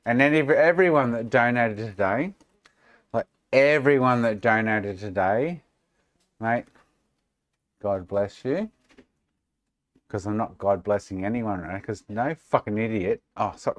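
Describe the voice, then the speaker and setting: Aussie bloke on a stream, sarcastic and sweary, dry close mic. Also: male voice, fairly low pitch, a little slow, long pauses, no echo. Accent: Australian. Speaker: live streamer. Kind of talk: casual chat with viewers. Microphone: desk microphone.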